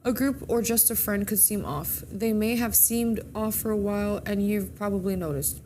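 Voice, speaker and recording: Reading horoscopes on a morning show she co-hosts, this woman chats casually and keeps stumbling, then fixing her slips. Her voice is mid-range and mellow, delivered at a normal pace, with a little hiss or hum in the recording.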